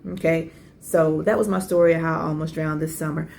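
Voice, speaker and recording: A woman in her forties, a podcast host, telling a personal story in a casual, animated way with asides and rhetorical questions. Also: deep voice, fairly quick, creaky, slight background noise.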